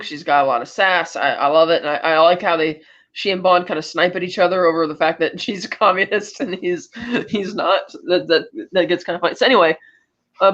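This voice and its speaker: A woman's voice: fairly low pitch, a bit bright, lo-fi sound. A woman co-hosting a podcast, casually retelling a film's plot and acting out characters' lines as she goes. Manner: chatty retelling with quoted lines and laughs. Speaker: podcast co-host. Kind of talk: casual podcast movie recap.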